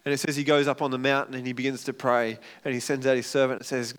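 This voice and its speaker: A man's voice: mid-range voice, fast talker, hardly any pauses, clean tone. A man preaching a casual, storytelling sermon as a pastor, acting out the characters' lines with energy. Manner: conversational, animated storytelling with acted-out quotes.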